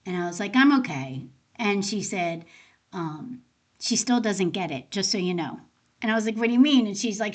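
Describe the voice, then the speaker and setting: An end of life doula, interviewed as a guest, speaks in a mid-range voice at normal speed. Her personal stories come out casual and conversational, and she animatedly acts out the dialogue she quotes.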